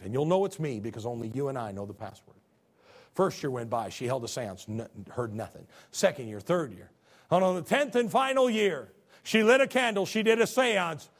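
Male pastor, sermon, high and very animated, shouts then drops to a near hush. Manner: dramatic, swings from booming shouts to low hushed tones. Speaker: preacher.

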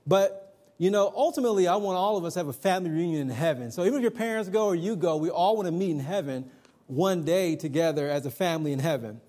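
A man's voice: high-pitched, a little mellow. A middle-aged man preaching a sermon to young people, chatty and emphatic, telling personal stories. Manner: conversational, personal anecdotes, emphatic.

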